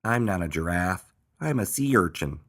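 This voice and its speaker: A man's voice: deep voice, expressive, moderate pace, a bit bright, voice pushed up. A man voicing a playful male hedgehog who pretends to be a pirate captain, talking in a bold, theatrical way. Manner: bold, theatrical, bellowing orders.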